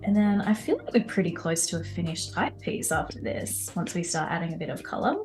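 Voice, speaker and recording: A woman from Australia, a guest lettering artist, relaxed and talking as she draws. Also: fairly low pitch, fairly quick, soft background music, low-quality recording. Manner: relaxed, talks while drawing. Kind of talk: casual demo narration.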